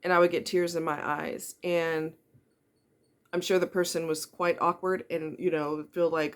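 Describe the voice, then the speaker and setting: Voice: mid-range voice, level tone, measured pace, clean tone. Middle-aged vlogger, earnest and blunt, talks straight to the viewer with pointed questions. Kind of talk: candid personal monologue.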